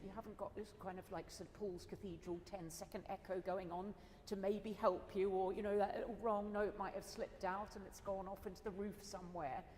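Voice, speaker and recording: A woman's voice: mid-range voice, darkish tone, in a large hall, a little hiss or hum. A woman organist giving a chatty, enthusiastic talk to an audience after a competition. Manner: chatty and enthusiastic, with laughs and asides. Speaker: organist adjudicator. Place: school hall.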